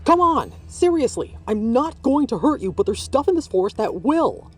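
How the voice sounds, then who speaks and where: A man reading aloud voices a tough young woman who talks brashly and loudly. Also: fairly high pitch, huge pitch swings, normal speed, recorded from a distance, voice pushed up. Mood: shouting. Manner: brash, loud, exasperated.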